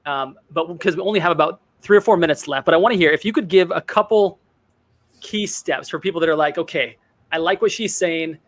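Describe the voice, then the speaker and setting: A man's voice: on the high side, a little fast, fairly bright tone. A man hosting an interview podcast, asking loose, rambling questions with restarts. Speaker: podcast host.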